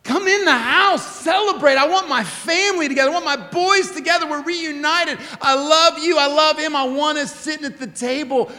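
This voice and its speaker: A man's voice: very high-pitched, normal speed, few pauses, bright, forceful tone, long reverb tail, pitched above the performer's own voice. A man acting out a loving father who pleads with his son to come inside, his voice raised and urgent. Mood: pleading.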